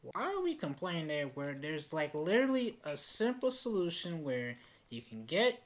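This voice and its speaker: A woman calling in on a voice call, making her case in a lively, persuasive way and walking through the numbers. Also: sits low, normal speed. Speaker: call-in viewer. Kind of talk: casual voice-call chat.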